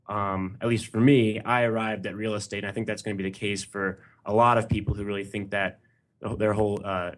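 Earnest young man, low voice. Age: 20s. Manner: earnest, rambling with fillers. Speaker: podcast guest. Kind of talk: casual interview chat.

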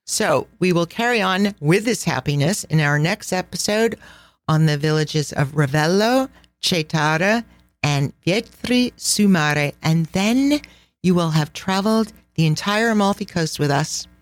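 Enthusiastic woman podcast host, lowish voice. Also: lively intonation, a little slow, no room sound. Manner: enthusiastic, laughs often, sprinkles in Italian phrases. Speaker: podcast host and travel planner. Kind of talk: casual travel podcast chat.

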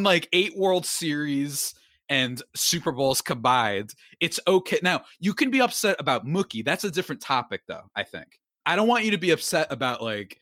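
A man's voice: on the high side, moderate pace, dry recording, clean studio sound. A young man hosting a podcast, chatting casually and rambling with lots of restarts and asides. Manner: rambling, animated, self-interrupting. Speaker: podcast host. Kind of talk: casual sports talk.

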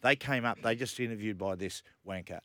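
A man's voice: fairly low pitch, a little fast, bright, forceful tone, no room sound. A man with an Australian accent hosting a radio show, telling jokey stories and mocking others in casual banter. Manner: joking storyteller, mocking, laughs a lot. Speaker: radio host. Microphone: studio microphone.

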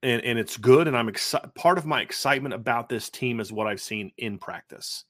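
A man's voice: mid-range voice, a little fast, a bit bright, dry recording. A man co-hosting a sports podcast speaks in an emphatic, conversational way, often restarting his phrases. His voice sits in a middle register and the recording is dry and close, with no room sound. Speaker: football podcast co-host. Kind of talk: casual sports analysis chat.

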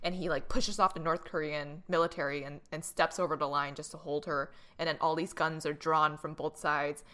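Giggly bright-voiced woman co-host. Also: deep voice, moderate pace. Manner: giggly, animated retelling of scenes. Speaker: podcast co-host. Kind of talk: casual chat.

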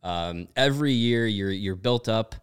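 A man hosting a sports podcast in casual chat. His voice sits on the low side and comes through very smooth and clear, and he keeps a loose, conversational pace with easy fillers. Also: unhurried. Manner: relaxed, talks through bets and scores with fillers.

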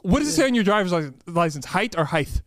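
A young man with a fairly high voice that swings up and down as he jokes and tells stories. He teases his co-host and laughs often in casual podcast chat. The sound is close and dry. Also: fast, no room sound. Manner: teasing, laughs often, lively storytelling.

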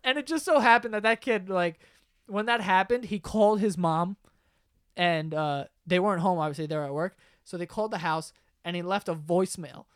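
A young man hosting a podcast, telling school stories to friends in a lively way, laughing, swearing and loudly acting out what people said. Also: high voice, brisk, clean tone, no echo. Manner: animated, laughing, swearing, acts out quotes loudly. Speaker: podcast host. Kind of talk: casual storytelling among friends.

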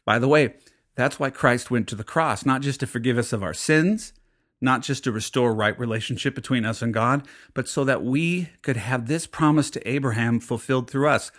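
A man's voice: mid-range voice, normal speed, fairly bright tone. Middle-aged guy preaching, earnest, lots of uh's and restarts, just explaining scripture. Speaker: pastor. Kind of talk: sermon.

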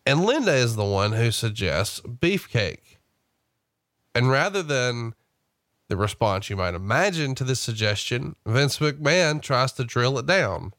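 A man's voice: mid-range voice, very animated, unhurried, a bit bright, no echo, studio quality. A man hosting a podcast, telling stories in a casual, chatty way and prompting his guest. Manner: chatty storyteller who reads out quotes. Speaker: host.

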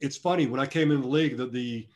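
A middle-aged man speaking at an everyday middle pitch, telling long stories as an interview guest. He rambles, restarts his sentences often and pokes fun at himself. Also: fast talker. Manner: rambling, self-deprecating, frequent restarts. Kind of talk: conversational storytelling interview.

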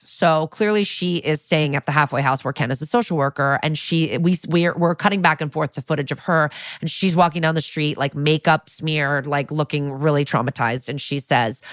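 A woman with a low voice hosts a casual recap podcast. She tells the story with animated energy, briefly acting out characters' lines. The sound is dry and close. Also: no room sound. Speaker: podcast co-host.

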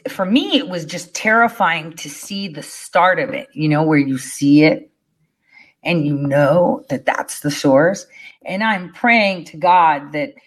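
Blunt, animated woman vlogger. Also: lowish voice. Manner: animated, blunt, swears freely; conversational, many fillers like "you know" and "like". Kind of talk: casual storytelling to viewers.

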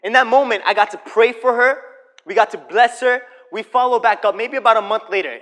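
A young male preacher with a high voice delivers a sermon in a church. He swings between fervent, punchy declarations and hushed, intimate storytelling. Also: brisk. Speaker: pastor.

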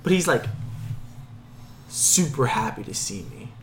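A man in a casual podcast chat, talking in a relaxed way and laughing through his stories. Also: on the high side, unhurried, background noise.

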